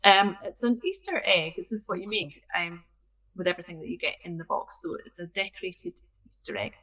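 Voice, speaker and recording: A woman's voice: fairly low pitch, fairly quick, pushed and bright, poor audio. A woman from Scotland co-hosting a casual crafting chat from her craft room over a video call, friendly and prone to digressing. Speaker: co-host, craft kit business owner.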